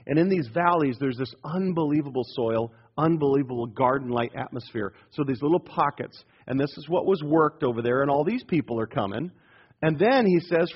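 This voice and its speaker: A man's voice: on the high side, breathy edge. A man preaching a sermon as pastor, plain-spoken and down to earth, driving points home with rhetorical questions and repetition. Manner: down-to-earth, calls himself rednecky. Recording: dull lo-fi sermon recording.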